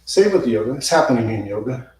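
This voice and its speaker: A man's voice: mid-range voice, very animated, quick pace, darkish tone. A man teaching yoga, talking to the camera in an unscripted, rambling way, correcting himself as he goes and dropping in casual slang. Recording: very echoey room, voice from a distance.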